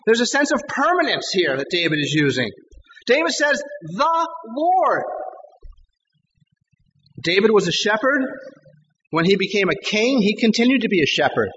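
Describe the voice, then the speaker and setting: Pastor, male, high voice, earnest emphatic sermon, echoey church, slightly dull audio. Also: fairly bright tone, a little hiss or hum. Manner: earnest, emphatic preaching with slow stressed scripture quotes. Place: church sanctuary.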